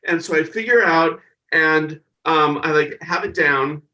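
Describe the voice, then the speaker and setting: A man's voice: on the high side, a little slow, recorded from a distance. A man, a stand-up comedian and guest, telling stories in a casual interview and acting out the people he quotes. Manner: animated storyteller, acts out the people he quotes.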